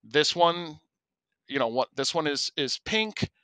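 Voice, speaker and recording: A man with a bright, forceful voice, pitched a bit above most men, telling a story in casual podcast chat. He talks animatedly and acts out the voices of the people in his story. The sound is dry and close. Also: lively intonation, unhurried, dry recording. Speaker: podcast co-host.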